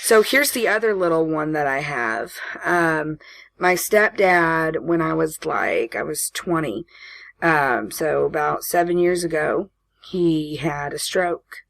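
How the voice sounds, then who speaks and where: A woman's voice: low-pitched, lively intonation, slow pace, vocal fry, fairly bright tone, no room sound. A woman in her late twenties, a podcast co-host chatting casually, laughing often and acting out the voices in her stories. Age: late 20s. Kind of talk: casual chat, storytelling.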